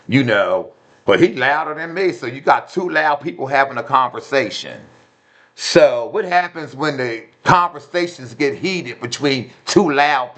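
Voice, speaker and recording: A man in his fifties telling a personal story in a loud, emphatic, repetitive way. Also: on the high side. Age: 50s.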